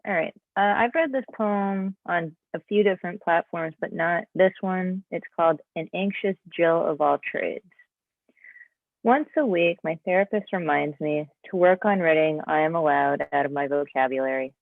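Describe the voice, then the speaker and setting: A woman reading her poem at an online open mic in a deadpan manner. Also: on the low side, moderate pace, creaky, no echo. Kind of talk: poetry reading. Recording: dry, phone-like line.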